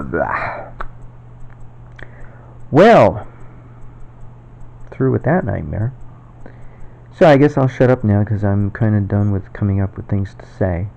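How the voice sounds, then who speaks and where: A low-pitched man with vocal fry rambles casually to the camera at home for his own video, often chuckling. The recording is dull and lo-fi.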